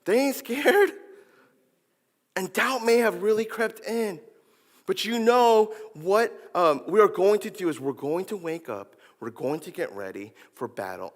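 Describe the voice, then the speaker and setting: A man's voice: fairly high pitch, measured pace, big-room sound. A man preaching a sermon in a playful way, acting out the voices of his listeners and of biblical figures. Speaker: pastor. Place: church sanctuary.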